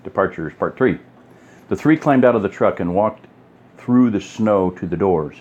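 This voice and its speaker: Low-voiced guy reading a story out loud, chatty asides, kinda muffled lo-fi audio. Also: lively intonation, normal speed. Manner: informal, with offhand asides and apologies. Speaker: audiobook reader.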